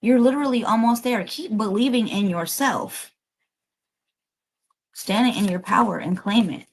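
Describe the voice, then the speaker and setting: A woman's voice: fairly high pitch, unhurried, slight background noise, low-quality recording. A woman giving a livestreamed collective tarot reading, emotional and emphatic, urging listeners on and swearing casually. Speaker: tarot reader.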